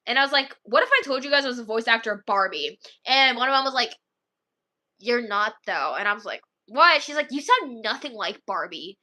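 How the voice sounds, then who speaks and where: A woman's voice: a little high, lively intonation, fast talker, pushed and bright. A woman chatting casually with her viewers, rambling through stories with lots of fillers and frequent giggles. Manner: rambling, filler-heavy storytelling. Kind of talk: casual chat.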